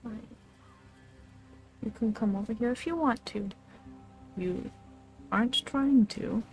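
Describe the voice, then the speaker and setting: A woman's voice: on the high side, takes it slowly, soft background music. A woman streamer chatting casually as she plays a game and talks to her pet between moves. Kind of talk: casual gameplay commentary.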